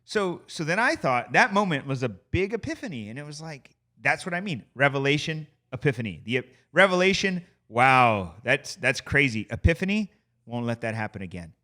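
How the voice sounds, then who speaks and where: A man who is a guest on a podcast, chatting casually in a studio, an animated storyteller who swears freely. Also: medium pitch, moderate pace.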